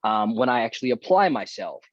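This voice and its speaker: A man's voice: mid-range voice, big pitch swings, fairly quick, no room sound. A man who is a guest actor, telling a story in a casual podcast chat and acting out the dialogue he remembers. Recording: dull, dry lo-fi audio.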